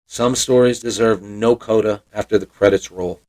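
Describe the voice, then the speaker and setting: A man's voice: lowish voice, fairly even intonation, normal speed, darkish tone. Man, 40s, from Montana, podcast host, scripted personal storytelling, reflective, wry. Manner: reflective, wry, self-deprecating.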